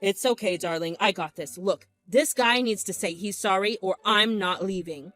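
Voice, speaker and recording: A woman's voice: mid-range voice, moderate pace, fairly bright tone, no echo, pitched below the performer's own voice, lightly acted. A woman voicing a jealous, domineering young husband who blusters and pushes. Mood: angry. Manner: pushy, blustering.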